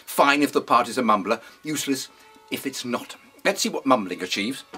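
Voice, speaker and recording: A man giving an acting lesson in a pompous, deadpan, mock-serious way. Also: medium pitch, normal speed, breathy edge, faint music behind. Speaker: acting teacher. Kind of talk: mock-serious instructional talk.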